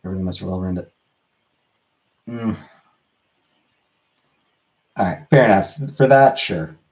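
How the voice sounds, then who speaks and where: A man with a somewhat low-pitched voice talks casually to his livestream chat. He speaks in a laid-back, halting way, often repeating himself as he answers messages. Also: darkish tone. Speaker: livestream host. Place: small room lit by many studio lights.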